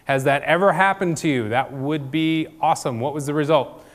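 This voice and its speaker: A man's voice: a little high, brisk. Man leading a church discussion in a hall. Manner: conversational, many fillers and restarts, asks questions. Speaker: church group leader. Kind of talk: informal church talk leading table discussions. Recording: long reverb from a hall.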